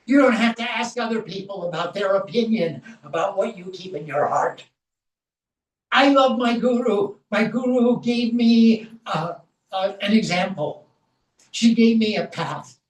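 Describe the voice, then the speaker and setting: A woman teaching a scripture class, speaking emphatically and explaining Sanskrit verses phrase by phrase. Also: medium pitch. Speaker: spiritual teacher. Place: temple hall. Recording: echoey room, voice from far off.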